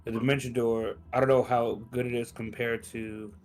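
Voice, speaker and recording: A man's voice: mid-range voice, little pitch movement, moderate pace, darkish tone. A man playing in a live tabletop game, asking questions and methodically listing his character's options. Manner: inquisitive, lists options methodically. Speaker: player. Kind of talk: casual tabletop chat.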